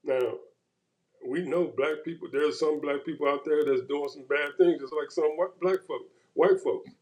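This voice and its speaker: A man in casual conversation, retelling a run-in with police in an animated way and acting out the quoted exchanges. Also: fairly high pitch, moderate pace, low-quality recording.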